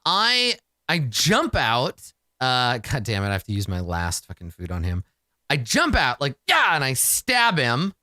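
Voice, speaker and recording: Guy narrating solo rpg to himself, cursing a lot, bright voice, dry close mic. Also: fairly high pitch, dry recording. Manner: excitable, swears freely, talks to himself. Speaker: solo tabletop game player. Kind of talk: narrating a solo tabletop game.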